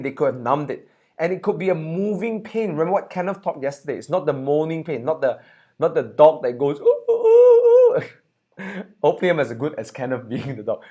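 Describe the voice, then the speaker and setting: Male sales trainer, higher voice, lively and emphatic seminar delivery. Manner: animated, punchy, asks "right?" often. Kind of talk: energetic seminar talk.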